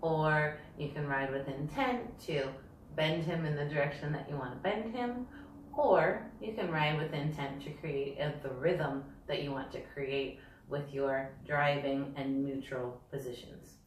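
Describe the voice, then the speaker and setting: Her voice sits low and unhurried as this woman teaches dressage, practically demonstrating each move on a yoga ball while she explains it. She's indoors, and the audio sounds roomy with faint hiss from a distant microphone.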